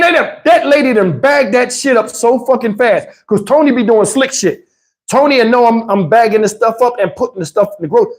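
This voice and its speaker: A middle-aged man tells a profane, animated story to his livestream chat. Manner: animated, profane, swings into high voices to mimic others. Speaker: livestream host.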